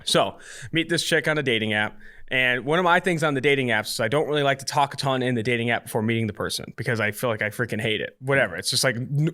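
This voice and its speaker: A man, co-hosting a podcast and telling a long story in an animated, casual way. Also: medium pitch, fast. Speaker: podcast co-host.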